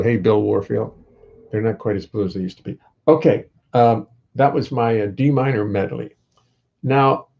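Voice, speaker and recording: A man's voice: on the low side, creaky, mellow, breathy edge, muffled recording. An older man hosting a casual livestream from his home, rambling in a wry way and greeting viewers by name.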